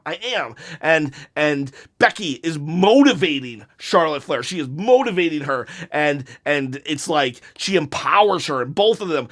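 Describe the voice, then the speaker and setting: Man, wrestling youtuber, casual fantasy booking, lively, restarts a lot, slightly high voice. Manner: animated, laughs often, many restarts.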